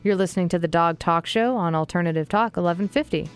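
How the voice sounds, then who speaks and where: A woman's voice: lowish voice, fast talker, over music. A woman hosting a talk radio show, friendly and chatty, with frequent fillers.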